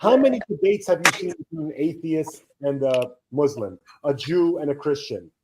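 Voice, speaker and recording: Talking at a moderate pace, a thirty-something man with a slightly high voice tells sprawling stories on a casual live co-stream he co-hosts, animatedly quoting others. The recording is low quality, with a bit of hiss or hum.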